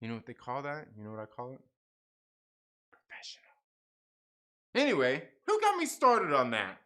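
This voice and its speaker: A man's voice: medium pitch, quick pace. A man hosting a livestream, telling a rambling story in a casual, repetitive way and acting out the people in it. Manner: animated, repetitive, acts out voices in his story; casual, with mild swearing. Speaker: channel host.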